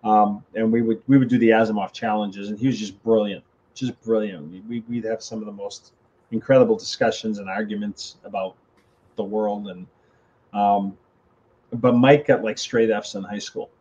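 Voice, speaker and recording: Older man telling stories, lively. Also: fairly low pitch, moderate pace, slightly rough. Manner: animated, acts out quoted phone calls. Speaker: author guest. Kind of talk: casual interview storytelling. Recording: slightly dull lo-fi audio.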